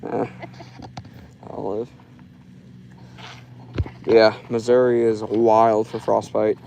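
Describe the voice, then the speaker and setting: A man's voice: fairly low pitch, little pitch movement, drawn-out words, gravelly, dark tone, a little hiss or hum, poor audio. Rambling young man by the river. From Florida. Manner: loose and rambling, full of "like". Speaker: fishing live streamer. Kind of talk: casual live stream chat. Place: outdoors by a river.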